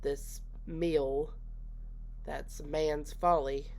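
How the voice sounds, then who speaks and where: A woman with a low-pitched voice walks through a film's plot in a relaxed, casual way. She takes her time, and she drops into quoted dialogue as she goes. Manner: unhurried, retells scenes with quoted voices and laughs. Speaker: movie reviewer.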